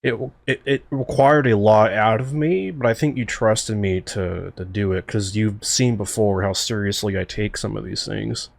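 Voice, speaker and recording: This man has a low voice and gives casual director commentary with eager, rambling energy, full of "like" and "you know." The sound is dry and close, with no room around it. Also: normal speed, vocal fry, hardly any pauses, no echo. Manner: excitable, rambling with many fillers. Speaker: series creator and co-host.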